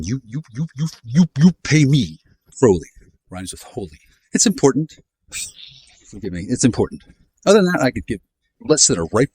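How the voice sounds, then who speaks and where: Low-voiced man in his fifties, sardonic profane vlogger on a walk, jumpy delivery. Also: husky, no room sound. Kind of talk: rambling monologue while walking. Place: outdoors in a neighborhood.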